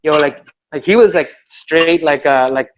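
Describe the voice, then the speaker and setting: The speaker, a man in a b-boy crew, tells a meandering story in casual video call conversation, acting out quotes with yelling and laughter. He has a fairly high voice at a moderate pace, heard through muffled audio with a little hiss or hum.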